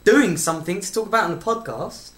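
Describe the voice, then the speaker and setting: A man's voice: sits high, expressive, fast, fairly bright tone. A young man co-hosting a podcast, bantering in a giggly, playful way. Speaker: podcast co-host. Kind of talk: casual banter. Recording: roomy echo, faint noise.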